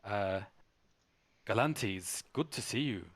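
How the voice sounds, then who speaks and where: Polite, formal hostess woman, read by a man in a deep voice. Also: expressive, measured pace, a bit bright, no room sound. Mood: gracious. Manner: courteous, formal, in his own deep voice. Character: elegant, gracious woman hosting guests.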